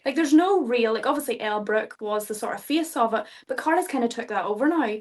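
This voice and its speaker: A woman's voice: on the high side, lively intonation, fast, a little mellow. A young Irish woman, a fighter guest in an interview, talking casually, swearing freely and laughing often. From Ireland.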